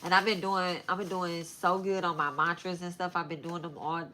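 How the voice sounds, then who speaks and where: Chatty woman hosting a live stream, low but bright voice. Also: little pitch movement, moderate pace, slight background noise. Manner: chatty, loose and informal, addresses viewers as y'all. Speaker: spiritual reader and live-stream host. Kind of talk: casual live-stream chat.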